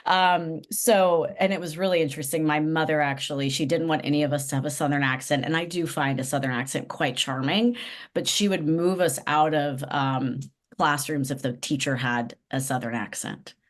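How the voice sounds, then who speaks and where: Woman, nonprofit leader, deep for her sex, thoughtful and sincere interview guest. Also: fairly even intonation, normal speed. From Los Angeles, US West Coast. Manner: earnest, reflective storytelling. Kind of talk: podcast interview.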